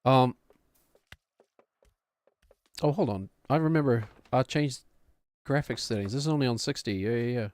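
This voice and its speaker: A man's voice: medium pitch, moderate pace, pauses often, darkish tone, dry recording. A man streaming a game, chatting in a rambling, self-deprecating way. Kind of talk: casual chat while gaming.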